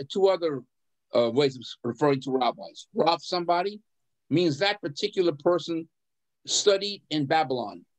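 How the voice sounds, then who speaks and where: A man with a high voice leads an adult education class. He explains a text in a halting way, repeating words, putting questions to his students and chuckling between points. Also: rough recording. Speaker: rabbi teaching adult education.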